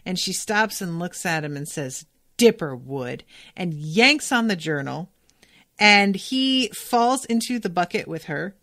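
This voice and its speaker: A woman's voice: lowish voice, lively intonation, measured pace, sharp tone, no room sound, studio quality. A woman hosting a podcast, casually recapping an episode with lots of filler words and amused asides. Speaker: podcast host recapping a cartoon.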